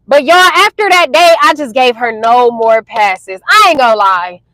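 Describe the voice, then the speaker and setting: Young woman vlogger, bright high voice, close and dry, casual animated storytime delivery. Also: moderate pace, no room sound, poor audio. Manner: animated, chatty, addresses viewers as y'all.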